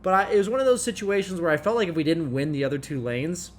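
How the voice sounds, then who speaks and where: A man hosting a casual gaming podcast, telling stories in an animated, self-mocking way and swearing freely. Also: fairly high pitch, quick pace. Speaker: podcast host.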